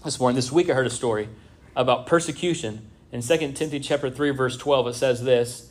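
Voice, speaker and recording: A man's voice: mid-range voice, brisk. A man from Southern California preaching a sermon in a church, conversational, often checking in with the congregation. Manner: conversational preaching with frequent "right?" asides. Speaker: pastor. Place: church sanctuary.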